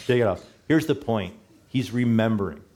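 A man's voice: lowish voice, animated, moderate pace, darkish tone. A middle-aged man preaching a sermon in a church, talking conversationally and correcting himself as he goes. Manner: conversational, self-correcting, chuckles at slips. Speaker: pastor.

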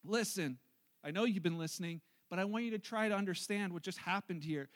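A man preaching a sermon, voicing Jesus as a calm, blunt teacher in casual modern phrasing. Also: sits high, a little fast, lightly acted. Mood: earnest. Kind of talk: retelling scripture in a sermon.

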